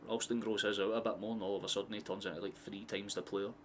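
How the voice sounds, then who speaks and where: A Scottish man streams a football watchalong, his fairly low voice running a loose, excitable, swear-heavy commentary. He wanders into chatty asides between plays, with a faint steady hum behind him. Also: fast talker. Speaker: streamer hosting a match watchalong. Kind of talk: live casual football commentary.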